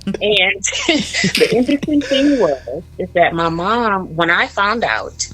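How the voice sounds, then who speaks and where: A woman's voice: medium pitch, very animated, slow pace, fairly bright tone, breathy edge, low-quality recording. A woman in her forties, a guest in a radio studio, telling a heartfelt story about motherhood while holding back tears. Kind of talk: emotional personal story.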